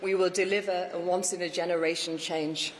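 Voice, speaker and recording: A woman's voice: lowish voice, level tone, fairly quick, slight background noise. A woman, a newly elected mayor, delivering an emphatic, rousing victory speech to an audience in a large hall. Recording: echoey hall with faint ambience.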